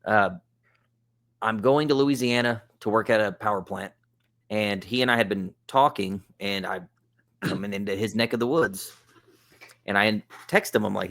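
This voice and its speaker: A man, a podcast guest, telling a funny story in a relaxed, chatty way, with plenty of "like" and "uh". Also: lowish voice, normal speed, pauses often. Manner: relaxed, chatty, with lots of fillers like "like" and "uh". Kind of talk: casual storytelling.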